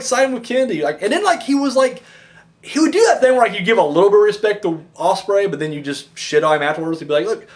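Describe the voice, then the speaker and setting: A man rambles through a wrestling review in a casual vlog, his high voice swinging widely in pitch. He swears freely and acts out quotes in little voices as he goes.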